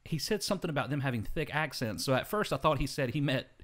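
A man in his thirties chats casually as a podcast co-host. His pitch rises and falls a lot while he tells a rambling, joking story. The voice sits at an ordinary middle pitch. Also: lively intonation, quick pace, a bit bright. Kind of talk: casual chat.

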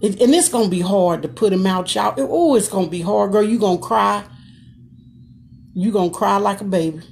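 A woman's voice: mid-range voice, brisk, vocal fry, darkish tone, slight background noise. A woman chats on a live stream recorded on her phone. She reads viewer comments aloud and answers them in a folksy, down-to-earth manner, speaking straight to her audience. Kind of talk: casual chat.

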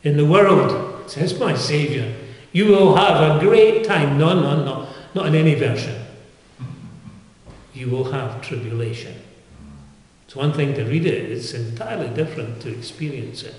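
An older man preaching a sermon, with earnest, dynamic delivery that surges up in pitch and volume. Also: animated, a little slow. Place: chapel. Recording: echoey chapel with long reverb.

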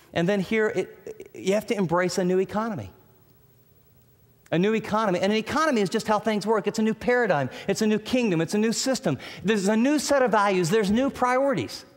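A man preaching a sermon as a pastor, emphatic, with dramatic pauses and swings between loud and quiet. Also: high-pitched, big-room sound.

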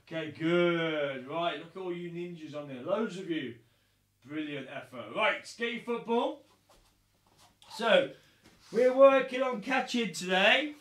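A man teaching a live online taekwondo class for young children, upbeat and encouraging, loudly calling out counts. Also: high-pitched, measured pace. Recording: echoey room.

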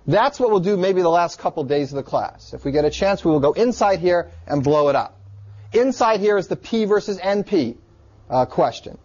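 A man teaching a computer science class in a relaxed, joking way. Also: high voice. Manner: relaxed and joking, with filler words. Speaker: lecturer. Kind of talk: classroom lecture. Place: lecture room. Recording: dull lo-fi classroom recording.

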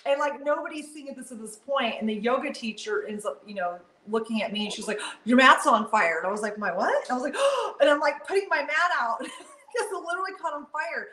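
Woman, casual storyteller on a video call, slightly high voice, lively, echoey room. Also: fast, a little hiss or hum. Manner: animated, laughing, acts out quotes. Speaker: guest on a live video chat.

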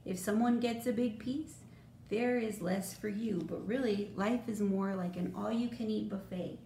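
A woman voicing a gentle, patient mother in a storybook, speaking softly and reassuringly. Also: mid-range voice, steady tone, moderate pace, lightly acted. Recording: roomy echo, faint noise.

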